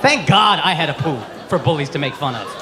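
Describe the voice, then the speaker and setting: A man's voice: a little high, animated, fairly quick, very noisy. A man in his thirties doing a stand-up set, brash and punchy, swearing freely and slipping into acted-out voices. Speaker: stand-up comedian. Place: comedy club stage before a laughing audience. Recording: live show with loud crowd laughter. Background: loud audience laughter and cheering.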